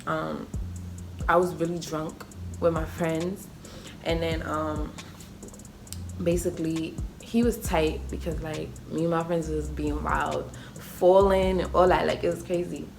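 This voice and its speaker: Young woman, kinda low voice, rambling storytime with lots of likes, music going in the back. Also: level tone, unhurried, gravelly. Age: young adult. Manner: chatty, full of fillers like "like" and "um"; acts out quoted voices with sudden high pitch. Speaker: vlogger. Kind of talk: casual storytime.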